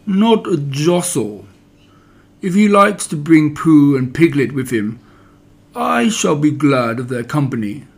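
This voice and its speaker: A glum, solemn old donkey, read aloud by a man who drags out every word with weary self-importance. The voice sits a little higher than the reader's own and keeps a husky edge. It suits a children's storybook. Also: very animated, heavily acted. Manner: slow, drawn-out, self-important speech. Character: gloomy old male donkey, slow and solemn. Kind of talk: storybook character voice.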